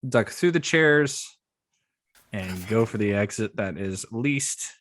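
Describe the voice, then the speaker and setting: A man's voice: lowish voice, lively intonation, a bit bright. Man running a tabletop game. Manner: halting, many uh fillers while narrating action. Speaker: game master.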